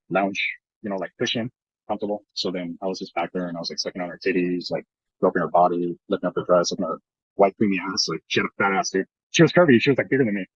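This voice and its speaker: Fast-talking husky man, casual storytelling. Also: low-pitched, no echo. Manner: rambling, slangy, many fillers and restarts. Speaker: guest recounting a trip. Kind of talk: casual podcast chat. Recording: muffled lo-fi audio.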